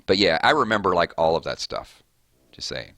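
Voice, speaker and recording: Bright lower-voiced man, casual rambling stream chat, dry mic. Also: sing-song, moderate pace, creaky, dry recording. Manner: rambling, off on tangents. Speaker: gaming streamer.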